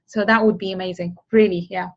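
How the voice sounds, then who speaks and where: A woman with a husky, slightly rough voice leads a group over a video call, affectionate and coaxing with her participants. The audio is dull and muffled, as from a laptop mic. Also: mid-range voice, steady tone, brisk. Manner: affectionate, calls people honey and darling. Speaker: manifestation coach and group host. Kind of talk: guided visualization and group video-call chat.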